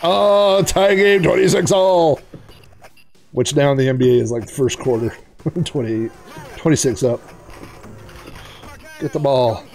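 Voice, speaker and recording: A man hosting a retro gaming video, giving casual, excitable gameplay commentary and chatting to the players on screen. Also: fairly high pitch, a little slow, creaky, pauses often, faint music behind.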